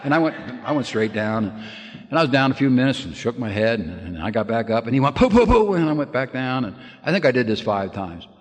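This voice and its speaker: A man's voice: medium pitch, lively intonation, quick pace. An older man giving a lead at a recovery meeting, a folksy storyteller who laughs and restarts his sentences often. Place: meeting room with audience. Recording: hall with long reverb.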